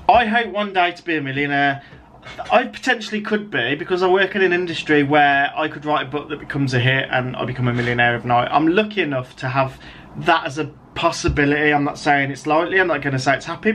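A man's voice: fairly high pitch, fairly quick, fairly bright tone, slight background noise. An English man in his thirties, a writer, ranting in a video commentary in an exasperated, sarcastic, rambling way. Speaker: writer vlogger.

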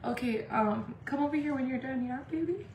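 A young woman with a fairly high voice chats to her viewers on a makeup livestream, rambling and swearing freely. Her voice rings around an echoey room at home, with a faint hum of noise behind it. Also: a little fast, a little mellow, distant mic. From Indio, California. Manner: chatty, swears freely, lots of "like". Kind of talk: casual live-stream chat.

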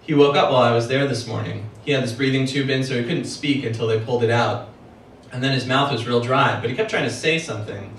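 A man reading aloud, voicing a dry, deadpan young debutante in his own everyday voice. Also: mid-range voice, quick pace, recorded from a distance, a little hiss or hum, natural voice. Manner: dry, flat delivery. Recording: echoey room, heard from afar.

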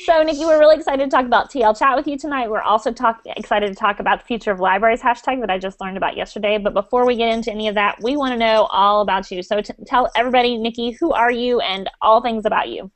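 Woman host of a webcast, higher voice, chatty, quick to laugh. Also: dry recording. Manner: upbeat, chatty, laughs often. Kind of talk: casual live webcast chat.

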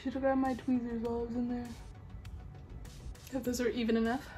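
A woman's voice: a little high, little pitch movement, brisk, mellow, soft background music. A young woman with a sick, stuffy voice, chatting casually while doing her makeup. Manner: chatty, self-deprecating, rambling. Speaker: beauty vlogger. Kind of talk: casual makeup tutorial chat.

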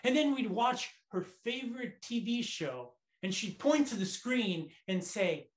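A man giving a memorized contest speech as a reflective story, in short phrases with dramatic pauses. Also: very high voice, lively intonation. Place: online conference.

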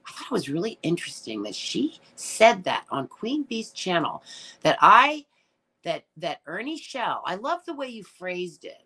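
A woman's voice: fairly low pitch, very animated, moderate pace, sharp tone, breathy edge. A middle-aged woman hosting a casual livestream, reading viewer comments and answering them in a blunt, emotional way with plenty of swearing. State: tearful at times. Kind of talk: casual live chat.

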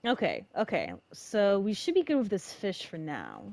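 A young woman giving emotional, dramatic let's-play commentary in casual slang, reacting loudly to what happens in the game. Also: medium pitch, huge pitch swings, moderate pace. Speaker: gamer.

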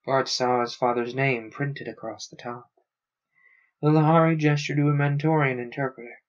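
A man narrating a science fiction novel aloud on a stream, steady with small stumbles. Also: mid-range voice, moderate pace. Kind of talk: audiobook-style reading. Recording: dull lo-fi sound.

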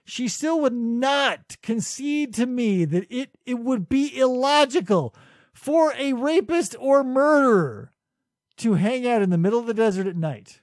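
A man's voice: very high voice, lively intonation, measured pace, no echo. A man co-hosting a casual comedy podcast, telling a story with dry, mock-logical reasoning. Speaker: podcast co-host.

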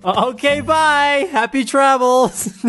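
A man's voice: very high voice, slow, fairly bright tone, soft background music. A man as a mocking, laid-back security guard taunting his pursuer.

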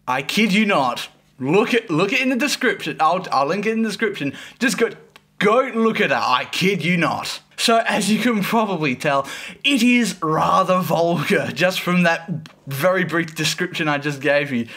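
A man's voice: high-pitched, big pitch swings, normal speed, pushed and bright. A young man hosting a casual fanfic review video, rambling, swearing and often breaking into giggles. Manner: giggly, keeps breaking into laughter.

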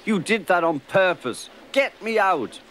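Casual: guy voicing a cheeky little tank engine, way up high, bouncy and full of swing. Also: animated, a little slow, pushed and bright, a little hiss or hum. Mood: indignant. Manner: cheeky, then indignant and choking. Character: fussy young male tank engine.

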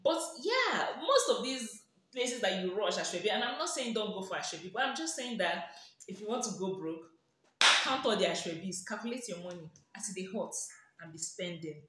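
A woman's voice: medium pitch, very animated, brisk, noisy background. A woman with a Nigerian accent giving playful, sarcastic lifestyle advice in a vlog, teasing and often laughing. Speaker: lifestyle vlogger. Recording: very echoey room.

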